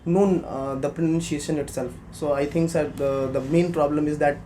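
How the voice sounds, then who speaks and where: A young man from Bihar speaks with an Indian accent, answering as a candidate in a mock job interview. His voice sits a little high but sounds soft and mellow, with a faint hiss of noise behind it. He hesitates a lot, then pushes his point harder when challenged. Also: steady tone, normal speed. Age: 20s. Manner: hesitant, many fillers, grows insistent when arguing.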